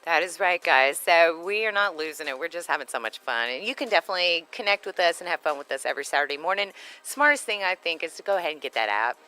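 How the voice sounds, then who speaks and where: A low-pitched woman co-hosts a weekend radio show, her voice swinging widely up and down as she tells animated, laugh-filled stories. Her tone is bright and forward, with faint music sitting behind her. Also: poor audio. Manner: animated storyteller, quick to laugh. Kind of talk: casual on-air chat.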